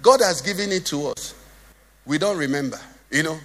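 A man's voice: fairly high pitch, lively intonation, moderate pace, fairly bright tone, in a large hall. A Nigerian man preaching a sermon as pastor, joking and asking the congregation questions. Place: church hall.

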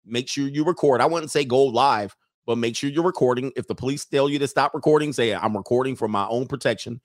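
The host of a reaction commentary show is a man with a mid-pitched voice who preaches emphatically, repeating lines to hammer his point home. He talks fairly quickly, and the sound is close and dry with no echo.

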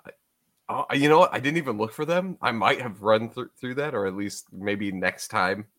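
A man's voice: lowish voice, normal speed, a bit bright. A man co-hosting a podcast, chatting casually, swearing freely and laughing as he talks. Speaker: podcast co-host. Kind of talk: casual chat.

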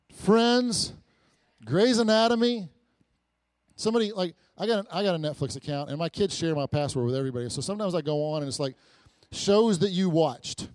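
A male pastor in middle age delivers a relaxed, story-driven sermon, often restarting and repeating his words as he goes. His voice sits a bit high for a man. It is recorded close and dry, with almost no room echo. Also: smooth. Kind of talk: conversational sermon.

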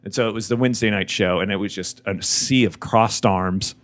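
Man, comedian, laid-back chat, low voice, dry. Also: fairly quick, no echo. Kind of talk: casual chat. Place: hotel room.

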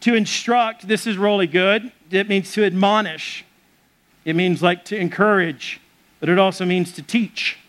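A man's voice: sits high, fairly even intonation, a little slow, fairly bright tone. A man preaching a sermon as pastor of a church, conversational and joking with the congregation.

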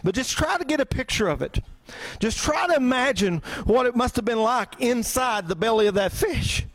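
High-voiced man preaching a sermon. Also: expressive, moderate pace, a bit bright. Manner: conversational preaching with rhetorical questions. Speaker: pastor. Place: church.

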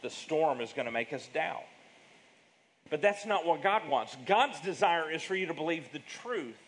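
A male pastor preaching a sermon with emphatic delivery, big swings in pitch and loudness, and drawn-out words. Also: lively intonation, poor audio.

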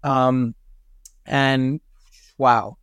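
As a podcast guest, a man with a mid-range, slightly bright, clean voice tells his story earnestly and reflectively, speaking extremely slowly with a flat delivery. He often restarts phrases in this conversational storytelling. The recording is dry and close, without room echo.

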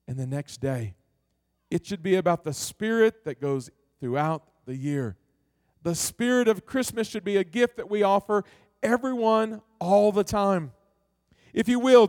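A man with a notably high voice preaches a sermon as a pastor. He tells the story in a relaxed way, then eases off, slowing and quieting to press each point home. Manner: storytelling, slowing down and dropping soft to stress a point.

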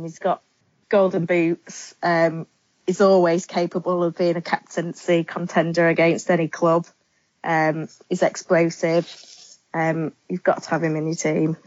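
Relaxed chatty woman, lo-fi sound. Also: lowish voice, a little slow, no echo. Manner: relaxed, chatty, many ums. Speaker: podcast guest. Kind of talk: casual interview chat. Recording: dull lo-fi sound.

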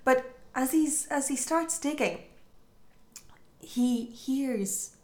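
Woman spinning a folk tale, lively, does the voices, echoey room. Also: high voice, drawn-out words. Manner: lively, acts out voices, laughs often. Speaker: storyteller. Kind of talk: animated folk tale telling among friends. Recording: roomy echo.

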